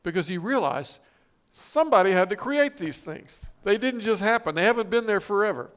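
A man's voice: high voice, animated, moderate pace. A man preaching a sermon, reading scripture and quotes with emphatic, rising stress and frequent restarts. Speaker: pastor.

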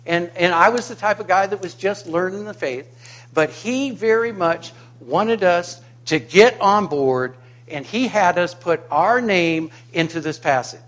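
Impassioned high-voiced male preacher. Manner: impassioned, swings from quiet to loud; rhetorical questions to the congregation. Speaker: pastor. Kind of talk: sermon.

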